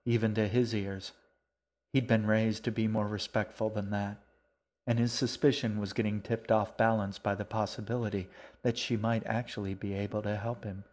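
A man narrating a children's story in a steady, even storytelling manner. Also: lowish voice. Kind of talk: audiobook narration.

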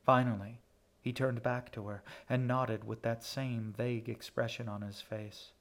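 Man reading an audiobook, steady. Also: mid-range voice. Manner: steady, measured storytelling. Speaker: narrator. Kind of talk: audiobook narration.

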